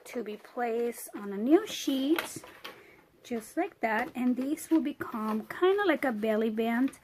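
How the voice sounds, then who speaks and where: A woman with a hoarse, fading voice, chatting her way through a step-by-step crafting tutorial. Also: a little high, background noise. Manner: chatty, unhurried, talks while working. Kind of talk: casual step-by-step craft demonstration.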